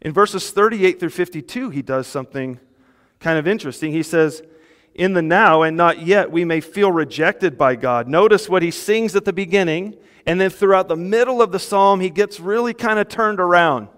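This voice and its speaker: A man preaching a sermon to a congregation, conversational and animated, with jokes and laughs. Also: high voice, normal speed, clear, resonant tone, long reverb tail. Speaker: pastor.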